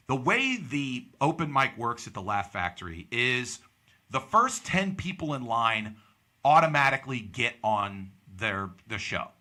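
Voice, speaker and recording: A man's voice: mid-range voice, very animated, normal speed, pushed and bright. A young man from Pittsburgh, hosting a podcast and telling a story in casual chat, acting out the people he quotes. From Pittsburgh, USA. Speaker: podcast host.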